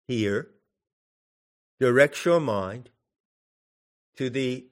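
A man giving slow meditation instruction in drawn-out phrases with long pauses. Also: medium pitch. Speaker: meditation teacher.

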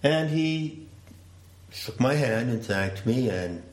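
A man giving a slow, deliberate, reflective storytelling talk. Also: mid-range voice, animated. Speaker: speaker. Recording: roomy echo.

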